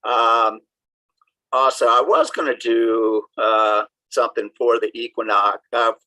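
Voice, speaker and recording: Slow, measured man reading poetry. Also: mid-range voice, fairly even intonation, bright, forceful tone, no echo, poor audio. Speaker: open mic poet. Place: home, over a video call. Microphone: video call.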